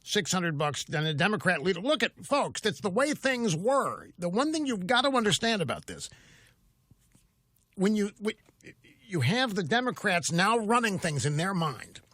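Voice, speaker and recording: Older male talk radio host: bright, dry studio sound, combative, full of rhetorical questions. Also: high-pitched, big pitch swings, moderate pace, no room sound. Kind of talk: political talk radio monologue. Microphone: studio mic.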